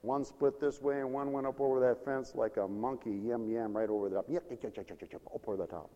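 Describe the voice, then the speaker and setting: A man preaching a sermon with fervor, swinging from loud cries to hushed storytelling. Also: mid-range voice, steady tone, fast, lo-fi sound. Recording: reverberant hall.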